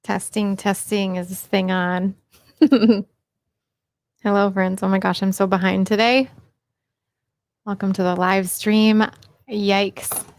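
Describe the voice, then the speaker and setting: A woman's voice: mid-range voice, level tone, takes it slowly, long pauses. Chatty upbeat woman hosting a live stream. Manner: chatty and upbeat, greets viewers by name. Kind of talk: casual live Q&A chat. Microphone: personal microphone.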